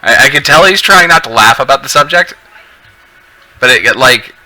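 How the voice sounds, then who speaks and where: A man's voice: mid-range voice, animated, normal speed, bright, forceful tone, low-quality recording. A man casually thinking aloud on a live stream while he edits a video, rambling with many restarts. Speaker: video editor streaming his work.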